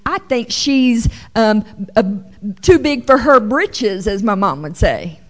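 Woman Bible teacher, slow-paced and fairly high, drawls scripture and adds playful asides. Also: animated. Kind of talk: sermon-style Bible teaching.

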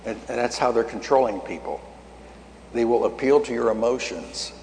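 A man's voice: mid-range voice, normal speed, darkish tone, slight background noise. An older man preaching a sermon, telling a story in a folksy way and acting out the dialogue, his voice rising to emphatic peaks. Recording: long hall reverb.

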